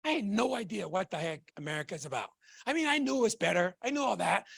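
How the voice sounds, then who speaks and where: Middle-aged man from Tonga pitching to an audience; gravelly, excitable, keeps asking if they understand. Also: quick pace. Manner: excitable, bursts into shouting, repetitive rhetorical questions. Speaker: business opportunity presenter. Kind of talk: motivational sales talk.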